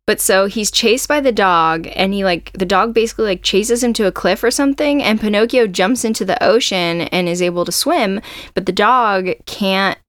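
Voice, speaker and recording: A woman's voice: medium pitch, normal speed, no echo, clean studio sound. A woman co-hosting a casual chat, retelling a story and acting out the characters' lines. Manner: chatty, animated, acts out characters' lines. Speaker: podcast co-host retelling a story.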